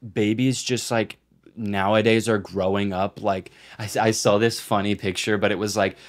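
A man's voice: lowish voice, flat delivery, normal speed. A young man in his twenties, co-hosting a podcast, rambling in casual chat with lots of swearing and filler words. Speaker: podcast co-host.

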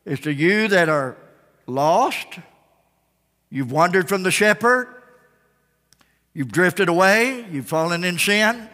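Pastor preaching an altar call. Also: male voice, sits high. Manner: calls out names loudly, then drops to soft pleading. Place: large church sanctuary. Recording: church broadcast with long reverb.

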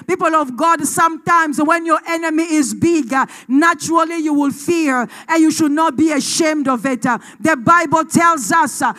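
A woman pastor preaching a passionate sermon in church, often shouting, with frequent "uh" fillers. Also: high voice, moderate pace, few pauses.

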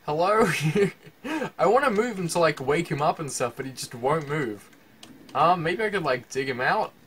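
A man giving casual gameplay commentary, excitable, laughing often and talking to the animals in his game. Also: a little high, a little hiss or hum. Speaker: gaming channel host.

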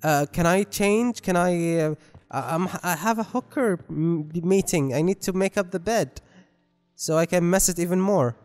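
A man's voice: high voice, moderate pace, a little mellow. A man commentating on gameplay, joking and rambling with self-mocking asides. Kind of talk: let's play commentary. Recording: long reverb with game music.

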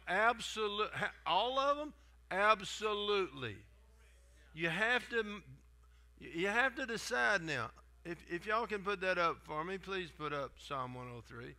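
Folksy older preacher, bright voice. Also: male voice, high-pitched. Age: 70s. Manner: folksy, conversational preaching with restarts and asides. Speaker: guest preacher. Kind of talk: sermon.

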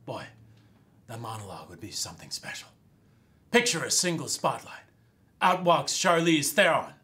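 A man's voice: on the high side, sharp tone. A man playing an eager entertainer who rambles through an absurd, escalating idea. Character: overexcited male showbiz pitchman. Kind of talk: sketch character.

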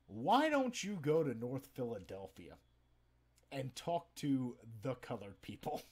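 A man telling stories to a live stream from his home den, profane and animated, swinging from loud outbursts to low mutters. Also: slightly rough. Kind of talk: casual storytelling to a live chat. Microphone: webcam setup.

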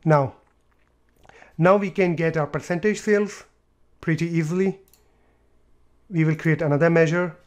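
A man's voice: a little high, steady tone, normal speed, pauses often. Man walking through a spreadsheet tutorial. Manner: explains step by step with fillers and repeats. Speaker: tutorial presenter. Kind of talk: screen-recorded software tutorial.

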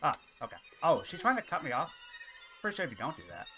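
A man playing a horror game who talks straight to the character hunting him, trading jokes, yelps and shouts of alarm. His pitch leaps all over the place from low mutters to high squeals. Creepy game music runs clearly under his voice. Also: big pitch swings, fast talker. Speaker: gaming commentator. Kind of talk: let's play commentary.

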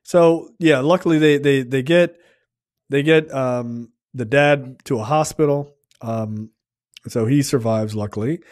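A man's voice: medium pitch, measured pace, darkish tone. A man casually retelling a film's plot on a review podcast, rambling and acting out the characters' lines. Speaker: film review podcast host. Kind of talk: casual movie recap with profanity.

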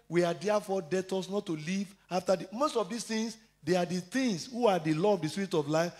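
A man preaches a sermon in a high-pitched voice. He moves through scripture references and personal testimony, with the occasional filler. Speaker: pastor.

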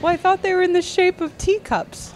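A woman's voice: extremely high pitch, fairly even intonation, brisk, soft background music, pitched above the performer's own voice. A woman voicing a distraught young bride who sobs and accuses, her voice pushed far up. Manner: wailing, accusing.

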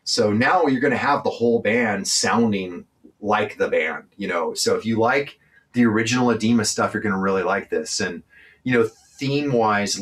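A man from California answers interview questions in a fairly low voice. He talks bluntly and with emphasis, and he swears without holding back. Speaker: interview guest, singer. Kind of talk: candid interview talk.

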